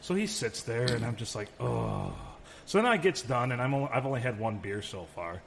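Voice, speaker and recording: A man's voice: medium pitch, animated, brisk, gravelly, fairly bright tone. A man co-hosting a podcast in casual chat, telling rambling stories and swearing freely. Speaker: podcast co-host. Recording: long reverb, faint room noise.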